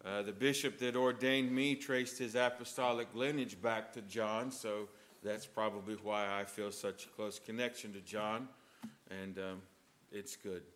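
Bright-voiced priest giving a lively sermon. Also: male voice, fairly low pitch, unhurried, slight background noise. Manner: lively storytelling, emphatic.

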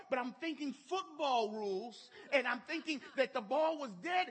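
A man's voice: very high voice, moderate pace, few pauses. A middle-aged man preaching a sermon in church, telling a story emphatically. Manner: emphatic storytelling, rising to shouts.

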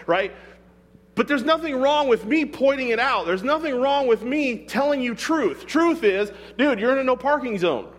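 A man's voice: very high voice, lively intonation, moderate pace. Guy preaching, chatty and emphatic, voice jumps all over, big hall echo. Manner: conversational, emphatic, rhetorical questions. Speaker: pastor. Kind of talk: sermon.

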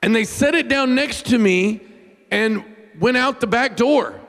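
Speaking unhurriedly in a very high-pitched voice, a male pastor delivers a sermon laced with funny stories about himself, with a faint crowd audible. He's animated and self-mocking, slipping into loud whiny voices, and the church sanctuary gives long, large-hall reverb.

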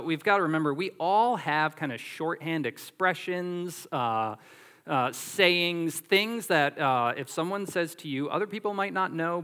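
A man preaching a sermon as pastor, animated and emphatic, drawing on everyday illustrations. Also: a little high, big-room sound.

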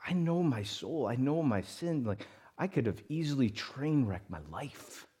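A man preaching a sermon to a congregation, moving between loud emphatic lines and quiet conversational asides. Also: medium pitch, lively intonation, unhurried, husky. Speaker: pastor.

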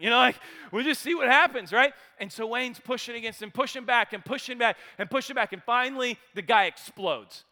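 An animated male speaker with a high, bright voice. He tells a story in a sermon, rising to loud bursts and then dropping to hushed tones. A long reverb trails behind him as if he is in a large hall. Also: fairly quick.

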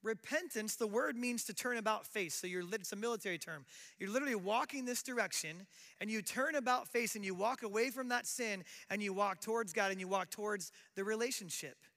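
A man's voice: sits high, brisk, pushed and bright, big-room sound. A middle-aged man preaching a sermon as pastor, conversational, often acting out quoted apologies.

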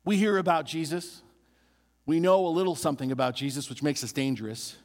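A man preaching a sermon as a pastor, animated and building emphasis through repeated phrases. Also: fairly high pitch, fairly quick, long reverb tail.

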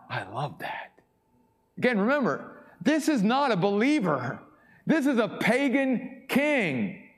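A man's voice: high voice, very animated, normal speed. A man preaching a sermon as pastor, emphatic and repeating his key points for weight.

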